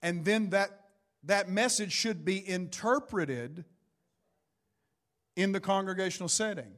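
High-voiced preaching man. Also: expressive, measured pace, a bit bright. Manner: preaching with rising emphasis and call-outs. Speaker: pastor. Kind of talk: Pentecostal sermon. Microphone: microphone.

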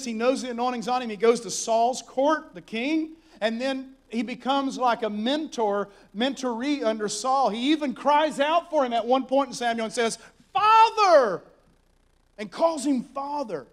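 High-voiced preacher, animated. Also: male voice, normal speed, hardly any pauses. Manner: animated storytelling, swings from soft asides to shouting. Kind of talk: sermon.

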